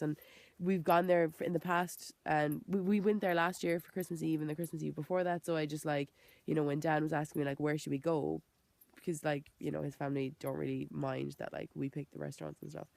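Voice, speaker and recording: A woman's voice: sits low, fairly even intonation, brisk, creaky, no echo. A woman with an Irish accent and a chest infection, talking in a rambling, frank vlog monologue full of "like" and self-corrections, swearing freely. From Ireland. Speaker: vegan vlogger.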